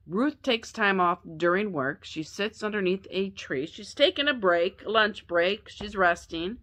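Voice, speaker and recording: Slow, chatty woman retelling a Bible story. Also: mid-range voice, a bit bright. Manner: chatty, self-correcting, adds asides to listeners.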